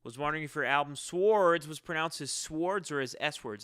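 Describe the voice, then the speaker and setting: Bright, crisp-voiced man rambling. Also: a little high, no room sound, studio quality. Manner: rambling, halting, often restarts sentences. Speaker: musician answering fan questions. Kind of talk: casual live-stream Q&A.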